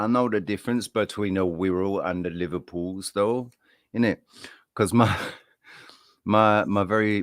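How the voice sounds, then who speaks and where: Friendly, rambling stream host, English man with a low voice and dry sound. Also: dry recording. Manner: rambling, friendly, greets viewers by name. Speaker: livestream host. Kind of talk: casual live-stream chat.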